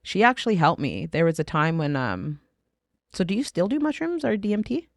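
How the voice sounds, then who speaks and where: Podcast guest, woman, middle-aged, from Canada; candid, animated storyteller, dry close sound. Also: lowish voice, fairly quick, vocal fry, no echo. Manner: emphatic, animated, drops to a hushed voice for intense moments.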